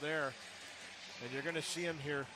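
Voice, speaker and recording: A man giving colour commentary on a hockey stream, breaking down plays in a brisk, analytical way over noisy stream audio. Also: on the high side, steady tone.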